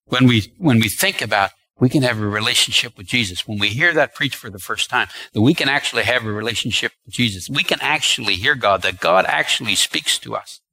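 Male preacher, emphatic and repetitive sermon delivery, bright, forceful tone. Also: mid-range voice, a little fast, few pauses, low-quality recording. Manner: emphatic and repetitive, stretching key words.

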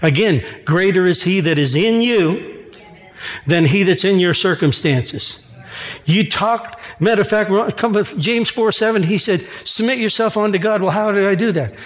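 A man's voice: high voice, normal speed, in a large hall. A man preaching a sermon in a church, reading scripture and mixing in casual asides and jokes. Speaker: pastor.

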